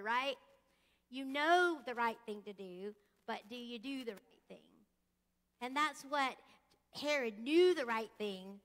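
Animated woman preaching in an echoey church. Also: a little high, slow. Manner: chatty, animated, leads call-and-response singing. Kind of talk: lively casual sermon. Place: church sanctuary.

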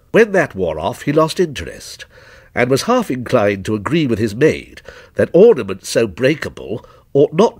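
A man reading a short story aloud in a measured, expressive way. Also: mid-range voice, husky. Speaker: story reader.

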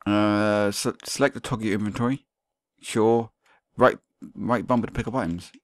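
A man's voice: fairly low pitch, fairly even intonation, normal speed, no echo. A man giving sweary, sarcastic let's-play commentary as he plays a video game. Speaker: gaming YouTuber.

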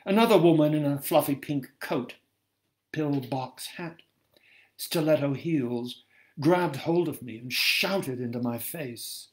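A man reading his own novel aloud in measured first-person storytelling, heard over a video call from home. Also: on the high side, animated, a little mellow.

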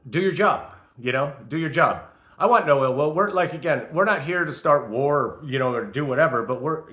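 Bright, defiant man ranting to his phone. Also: medium pitch. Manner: defiant, rambling, heavy swearing. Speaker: vlogger. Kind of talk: profane spiritual rant to camera.

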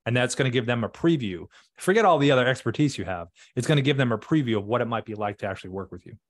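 A man co-hosting a webinar, explaining marketing in a measured, conversational way with frequent fillers. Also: medium pitch, animated, dry recording. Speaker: webinar co-host.

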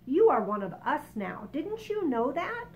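A kindly, fussing ladybug from a children's story, as a woman reading aloud puts her on. She soothes in a gentle, motherly tone that lifts and dips freely. A faint hiss runs behind. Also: high voice, big pitch swings, unhurried, voice pushed up, heavily acted. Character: kind fussy female ladybug.

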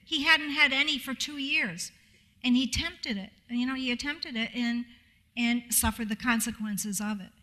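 A middle-aged woman giving a casual teaching talk to a congregation, conversational and quick to laugh, asking the audience questions. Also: a little high, sharp tone. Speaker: guest speaker at a congregation.

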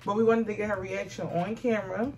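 A woman's voice: mid-range voice, flat delivery, fast talker, muffled recording, loud music behind the voice. A young woman and mother talking casually to her viewers in a family vlog, chatty and coaxing her child along. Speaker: vlogger and mother.

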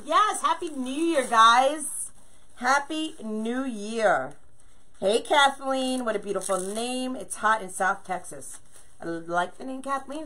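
A woman with a fairly high voice hosts a casual crafting livestream. She chats with viewers, greets each one by name and counts her pieces aloud as she works, in a friendly, easygoing way. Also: bright, forceful tone. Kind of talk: chatty livestream while crafting.

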